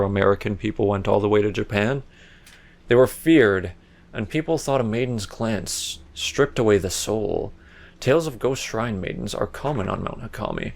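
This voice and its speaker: Male let's-play host, deep-ish gravelly voice, dry jokes at the game, light background hiss. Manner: sarcastic, jokey, talks back to the game. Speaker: gaming video host.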